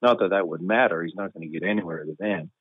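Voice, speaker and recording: A man recounts a story with wry, deadpan humor and easy chuckles. His voice sits low and dry. It comes through a thin, phone-like line. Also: very fast, husky, no echo. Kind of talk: relaxed anecdotal storytelling.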